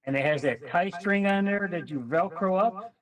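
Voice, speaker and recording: Lively man telling a story, far from mic. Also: high voice, normal speed, crowd noise. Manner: animated storyteller, acts out quotes. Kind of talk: casual storytelling chat.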